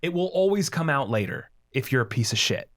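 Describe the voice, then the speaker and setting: A man co-hosting a podcast in casual chat, speaking in a measured, reflective way as he explains and qualifies his points. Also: mid-range voice, expressive, a bit bright. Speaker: podcast co-host.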